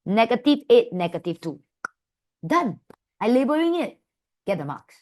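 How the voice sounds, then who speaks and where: A woman with a Malaysian English accent teaching an online maths class, calling her students "my dear" and asking them quick questions. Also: a little high. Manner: affectionate, calls students "my dear"; lively, asks many quick questions. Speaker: maths tutor.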